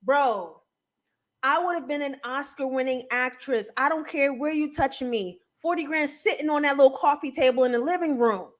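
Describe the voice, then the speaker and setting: High-voiced woman recapping a TV episode. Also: normal speed. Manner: animated, emphatic, laughing and near tears at times. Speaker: TV recap host. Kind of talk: live show recap and analysis.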